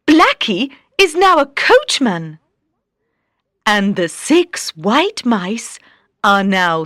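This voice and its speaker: A woman reads a fairy tale aloud for English learners, slowly and carefully. Her high, bright voice moves up and down expressively, and the recording is close and dry. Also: no room sound. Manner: slow, clear, expressive. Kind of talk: slow storybook narration for beginners.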